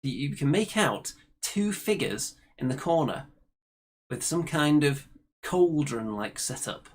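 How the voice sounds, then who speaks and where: A man's voice: on the high side, big pitch swings, a little slow. A man narrating a tabletop game as game master, dramatic and storytelling.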